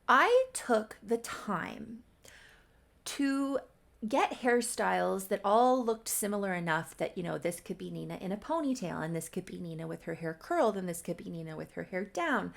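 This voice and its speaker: Young woman recapping a life-sim story, chatty and quick, gravelly vocal fry. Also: mid-range voice. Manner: chatty, quick, offhand asides. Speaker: YouTuber. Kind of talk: casual recap of a Sims story.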